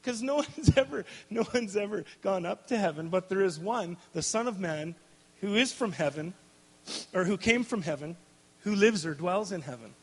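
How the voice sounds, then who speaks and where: A man with a high voice preaches a storytelling sermon to a live crowd. He speaks in an animated way, laughs often and breaks off to restart his sentences. The sound rings with the long reverb of a large hall. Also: normal speed, husky.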